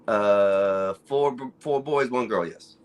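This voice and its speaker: A man with a deep, low groaning voice and a Mexican-American accent, chatting and joking in a laid-back drawl as a stream guest. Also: takes it slowly. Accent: Mexican-American English. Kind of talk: casual joking banter.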